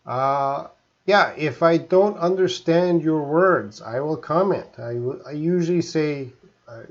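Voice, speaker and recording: A man from Canada teaching English on a live stream, speaking slowly and deliberately and often checking that listeners follow. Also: fairly high pitch, dull audio. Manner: slow, deliberate teacher talk with frequent check-ins.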